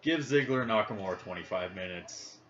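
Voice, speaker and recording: A young podcast co-host with a Midwestern accent talks fairly quickly while playing a video game, rambling, joking and thinking aloud in a casual chat. His fairly low voice is a bit bright with lively intonation, and the dull lo-fi recording has faint background noise.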